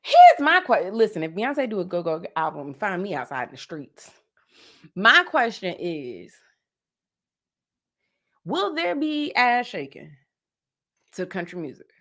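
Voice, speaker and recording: A woman from New Jersey hosting a casual pop culture podcast, animated and playful, sometimes slipping into jokey made-up song parodies. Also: medium pitch, measured pace, pauses often. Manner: animated, playful, breaks into sung parody bits. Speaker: podcast host.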